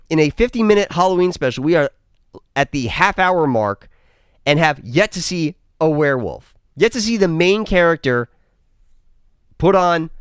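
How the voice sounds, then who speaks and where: Lively, sarcastic male film reviewer. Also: a little high, smooth, no room sound, studio quality. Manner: rambling, sarcastic, swears freely. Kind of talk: casual film review monologue.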